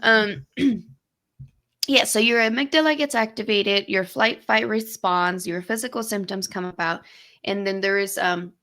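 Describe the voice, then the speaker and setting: A woman's voice: mid-range voice, unhurried, sharp tone. A woman co-hosting a podcast, explaining how anxiety works in the brain in a casual way, with many fillers and restarts. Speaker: podcast co-host.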